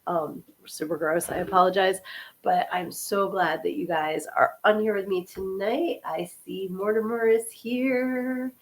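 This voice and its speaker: A woman in her fifties, hoarse from a cold, hosting a casual livestream podcast and chatting with her viewers in an apologetic, friendly way. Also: medium pitch, a little slow. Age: 50s. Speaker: podcast host and author.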